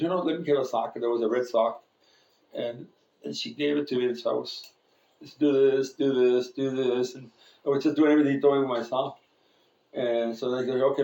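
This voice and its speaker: A man's voice: medium pitch, darkish tone. Male pastor, mid-range voice, humorous storytelling sermon, church room echo. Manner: joking, chuckles at his own stories. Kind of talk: sermon with personal anecdotes. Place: church sanctuary.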